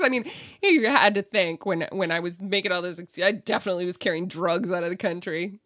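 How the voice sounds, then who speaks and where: A woman comedian telling a story in an interview, animated, acting out the voices of the people in it and laughing often. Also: fairly low pitch, brisk, hardly any pauses, dry recording. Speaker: comedian guest.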